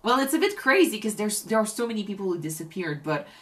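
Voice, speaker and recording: A woman's voice: mid-range voice, sing-song, quick pace. Woman co-host, casual reaction chat, reflective, restarts often. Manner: thoughtful, restarts sentences often.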